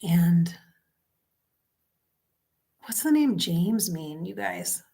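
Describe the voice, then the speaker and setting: A woman doing a casual spoken psychic reading who talks straight to her viewers. She is chatty and emotional and often drops into soft, near-whispered asides. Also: fairly low pitch, lively intonation, drawn-out words, gravelly. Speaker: psychic medium.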